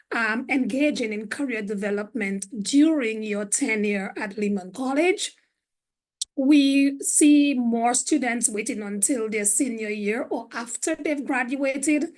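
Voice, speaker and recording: A woman's voice: on the high side, rough recording. A woman, a career center director, gives an earnest guest presentation over a video call while she is losing her voice. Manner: earnest, explanatory, frequent ums.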